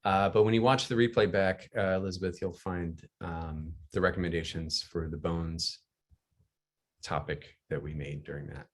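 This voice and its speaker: A fairly low-voiced man moderates a video call, reading viewers' questions aloud. He is upbeat and chatty, with casual asides. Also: steady tone, normal speed.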